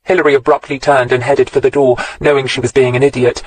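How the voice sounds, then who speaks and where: A man narrating a crime novel audiobook in a steady, measured storytelling voice, recorded close to the mic. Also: mid-range voice, no room sound, rough recording.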